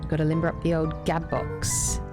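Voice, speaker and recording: A woman reading the lines of a jolly man warming up for a speech, in a chipper, theatrical way. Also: sits low, monotone, moderate pace, over music, lightly acted.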